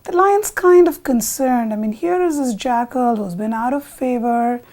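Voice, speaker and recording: A woman narrating a folk tale for a television program, expressive and animated. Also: on the high side, normal speed. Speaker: storyteller.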